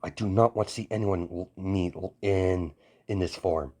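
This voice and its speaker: Man playing a sullen young heroine, low and grumbling, defensive. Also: fairly even intonation, normal speed, darkish tone. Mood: stubborn. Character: sullen young woman hero, proud and self-conscious. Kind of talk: amateur story voicing.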